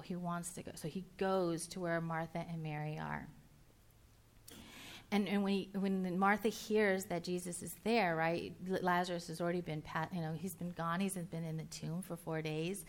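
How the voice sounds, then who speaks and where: A woman preaching a casual, conversational sermon, chatty and full of quick restarts, laughing easily and bantering with her listeners. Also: fairly low pitch, fairly even intonation.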